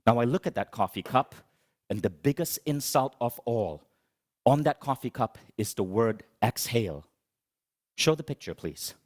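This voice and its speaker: Animated middle-aged man telling a story. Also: mid-range voice, normal speed. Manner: animated, dramatic, self-mocking storytelling. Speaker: motivational speaker. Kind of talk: comic storytelling keynote talk.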